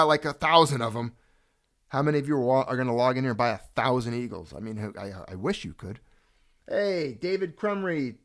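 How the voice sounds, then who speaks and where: A man hosting a casual video chat, talking straight to viewers in a jokey, animated way. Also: mid-range voice. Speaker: host.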